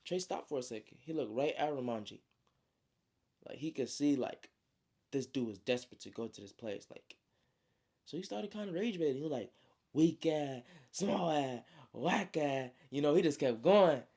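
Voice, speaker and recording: A man's voice: mid-range voice, animated, a little fast, warm tone, slightly rough. A man casually retelling his own story like a friend, slangy and full of spoken sound effects. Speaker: storyteller, author.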